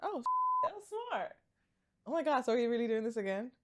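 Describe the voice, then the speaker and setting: A young woman from Africa hosting her own podcast, talking casually and openly to camera, swinging from loud excitement to quiet earnestness. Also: on the high side, quick pace. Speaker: podcast host. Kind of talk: casual confessional talk to camera. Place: outdoor balcony.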